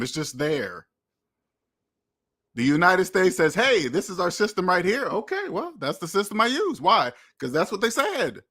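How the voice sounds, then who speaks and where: A man's voice: sits high, pushed and bright. A man hosting a money channel, lecturing viewers in a preachy, repetitive way and acting out imagined quotes. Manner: preachy, repetitive, addresses viewers as debt slaves. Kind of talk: motivational monologue.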